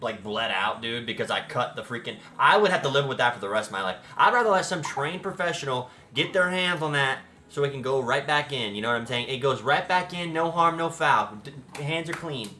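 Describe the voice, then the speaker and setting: A young adult man streaming, telling a story in an excitable, slangy, dramatic way. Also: mid-range voice, brisk, few pauses. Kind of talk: casual storytelling chat.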